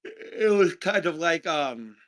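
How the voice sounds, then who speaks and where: A man's voice: a little high, lively intonation, measured pace, a bit bright. A man co-hosting a casual movie review podcast, talking in a rambling, jokey way. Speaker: podcast co-host.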